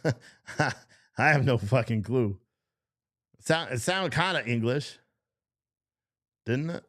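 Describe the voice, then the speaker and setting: A man's voice: on the low side, lively intonation, moderate pace, long pauses. A man doing casual live stream commentary, reading posts aloud to his chat, swearing and mocking what he reads. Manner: profane, mocking, reacts loudly to what he reads; chats with viewers in the chat.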